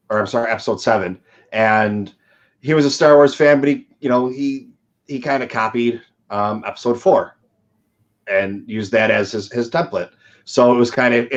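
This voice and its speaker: A man with a mid-pitched voice hosts a live fan chat in a rambling, casual way. His dull, lo-fi audio sounds muffled. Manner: rambling, with fillers and quoted asides.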